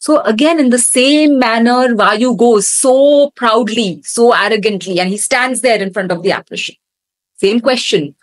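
Woman teacher retelling a scripture story, animated. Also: on the high side, moderate pace, dry recording, rough recording. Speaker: instructor. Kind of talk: storytelling lesson.

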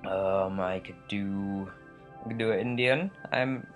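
A man's voice: sits low, fairly even intonation, measured pace, dull audio, faint music behind. A man with an English accent tinged with American, rambling chattily through a gameplay commentary voiceover with many fillers and tangents. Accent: English, slightly American. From England. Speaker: let's play host.

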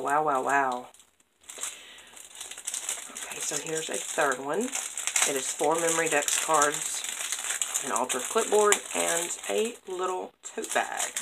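A woman's voice: sits low, very noisy. A woman, chatting casually to camera as she opens craft mail and gushes over every piece. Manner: gushing, excitable, repeats praise words. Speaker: craft vlogger opening happy mail.

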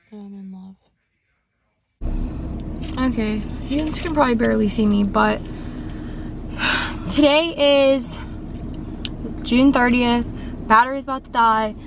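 A young woman chatting casually to her phone camera in a vlog, excitable and swearing freely. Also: a little high, a little hiss or hum. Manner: excitable, swears a lot, squeals and shrieks. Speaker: vlogger.

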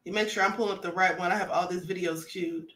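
A woman's voice: fairly low pitch, fairly even intonation, fast talker, a bit bright, reverberant. A woman hosting a casual livestream, chatting with viewers, greeting them by name and asking for likes. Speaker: livestream host.

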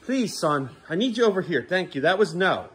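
A man's voice: high-pitched, very animated, brisk, faint music behind. A man filming a casual family vlog at home, coaxing and joking with his children as he hurries them through bath time. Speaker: father filming his kids.

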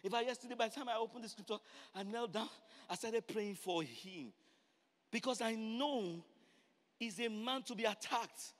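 A man preaching a sermon, building from quiet explanation to shouted, repeated refrains. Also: normal speed. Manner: builds from low talk to shouted climaxes, repeats phrases. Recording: long hall reverb.

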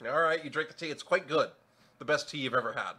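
A man narrating a tabletop game as game master, in a lively, stumbling way. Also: fairly high pitch, quick pace, slightly rough.

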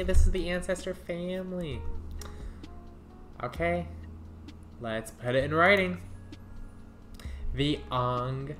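A woman streaming a game, thinking out loud in a casual, musing way, trying out names and giggling between thoughts. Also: low-pitched, animated, soft background music. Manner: muses aloud, trying out names, quick to giggle. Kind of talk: casual gameplay commentary.

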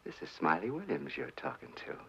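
A man's voice: deep voice, huge pitch swings, brisk, fairly bright tone, slightly rough, full character voice. An actor playing a nervous small-time gangster who talks in defensive tough-guy slang, in 1940s film style. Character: jittery small-time male gangster, boastful then panicky. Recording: muffled 1940s film soundtrack with faint score.

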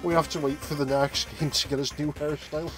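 A man's voice: a little high, flat delivery, brisk, music in the background, low-quality recording. A man ranting and swearing in a casual chat while playing a video game on stream. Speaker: let's play commentator. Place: home streaming setup. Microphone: streaming microphone.

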